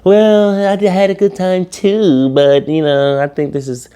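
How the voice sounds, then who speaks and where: A man voicing a prim young woman who politely turns down a date, speaking in a soft, polite way. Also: high voice, little pitch movement, measured pace, clear, resonant tone, pitched above the performer's own voice.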